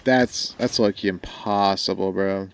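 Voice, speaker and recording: Young man, mild country accent, lowish voice, rambling streamer chatter, faint background hiss. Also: steady tone, slow. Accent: mild rural American country accent. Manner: rambling and joking, often trailing off. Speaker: livestreamer. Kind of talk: casual chat with stream viewers while gaming. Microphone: desk microphone.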